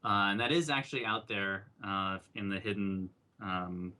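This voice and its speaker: A young man guest speaking with a low-pitched but very bright voice. He talks earnestly and reflectively, piling on fillers as he tells his story. The tone is relaxed and conversational. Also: moderate pace. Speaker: documentary filmmaker guest. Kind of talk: casual interview.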